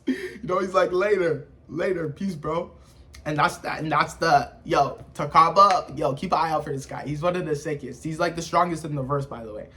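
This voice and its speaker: High, animated guy hyping anime. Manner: animated, slangy, with sound effects. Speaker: anime reviewer. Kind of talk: casual commentary.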